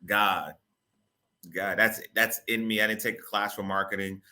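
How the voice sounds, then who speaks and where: A man with a somewhat low voice and a very bright, forceful tone tells his own story as a guest in an interview. He talks casually and with animation, repeating words and phrases in informal grammar. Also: fairly even intonation, normal speed. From Boston area, Massachusetts. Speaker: guest, real estate broker.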